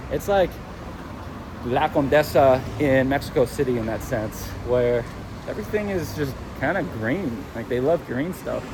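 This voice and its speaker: A man filming a casual travel vlog as he walks through a city, talking in a chatty, rambling, opinionated way. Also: medium pitch. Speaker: travel vlogger. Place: city streets outdoors. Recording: street noise around the mic. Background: traffic and urban street noise.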